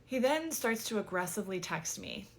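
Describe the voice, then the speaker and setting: A woman's voice: medium pitch, expressive, moderate pace. A woman vlogger telling a dating story in a chatty, exasperated way, full of "like" and casual swearing.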